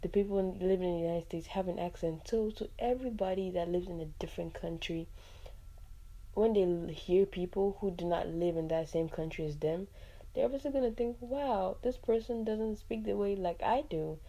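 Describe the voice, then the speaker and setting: A woman from Nigeria with a Nigerian accent hosts a solo podcast in a relaxed, chatty way. Her voice sits a little low and sounds mellow and soft-edged. She talks expressively and scatters "like" through her sentences. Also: brisk. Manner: chatty and expressive, with frequent "like" fillers and asides. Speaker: podcast host. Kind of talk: casual solo podcast talk.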